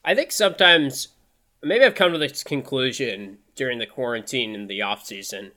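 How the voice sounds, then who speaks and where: A man's voice: medium pitch, normal speed, sharp tone. A man hosting a casual sports podcast, talking in an upbeat, conversational way and thinking aloud with restarts. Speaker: podcast host.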